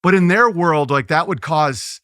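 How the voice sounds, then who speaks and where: Bright, riffing male comedian. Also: a little high, dry recording, studio quality. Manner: loose riffing with quick impressions and asides; frequent "like" fillers, restarts. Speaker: comedian guest. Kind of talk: casual interview chat.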